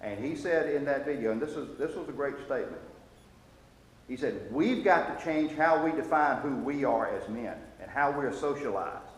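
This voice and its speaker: In a large, echoing church hall with faint underlying hiss, a man leads a Sunday school lesson in an expressive voice at a typical male pitch. He is earnest yet halting, restarting sentences before he drives his point home, and turns emphatic when quoting.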